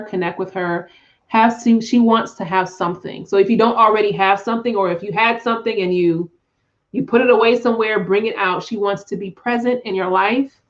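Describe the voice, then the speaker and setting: A woman's voice: mid-range voice, highs cut off. A woman hosting a live tarot reading, talking in an effusive, emotional, spiritual way with frequent laughs and sighs.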